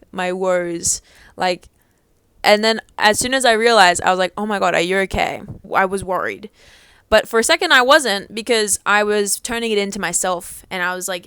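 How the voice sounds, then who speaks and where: Brief: young woman vlogger, smooth voice, dry close sound, rambling and swearing. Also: mid-range voice, a bit bright, dry recording. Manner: rambling, filler-heavy, swears freely. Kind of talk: casual monologue to camera.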